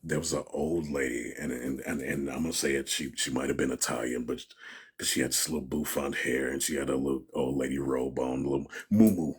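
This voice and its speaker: A man's voice: extremely low pitch, brisk, husky. A man giving an interview, telling a story in a casual way and acting out what people said. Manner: animated storyteller, acts out quotes, laughs often. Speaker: interview guest.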